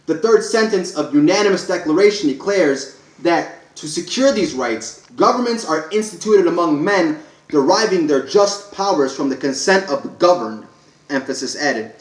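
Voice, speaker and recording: Man reading a declaration aloud, firm and emphatic, a touch high-pitched, roomy echo. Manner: emphatic, listing clauses one by one with stumbles. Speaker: self-declared speaker reading a public proclamation. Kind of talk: read-aloud declaration to camera.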